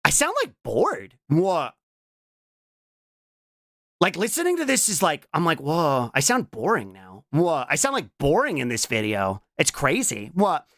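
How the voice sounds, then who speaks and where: A man's voice: fairly high pitch, huge pitch swings, moderate pace, few pauses, a bit bright, dry recording, clean studio sound. A young man streaming casually as a VTuber, rambling with restarts and giggles and breaking in with a repeated blurted "What?" tic. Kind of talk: casual live-stream chat.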